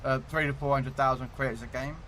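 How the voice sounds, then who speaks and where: A man's voice: mid-range voice, steady tone, brisk, sharp tone, slight background noise. A man streaming a tank game, chatting casually and rambling as he repeats words while thinking aloud, on a desktop condenser mic. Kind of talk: casual gameplay commentary.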